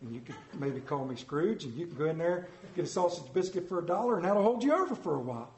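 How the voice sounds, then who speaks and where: A man preaching a storytelling sermon, animated and playful, acting out voices in his anecdotes. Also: fairly high pitch, fast talker. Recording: echoey room.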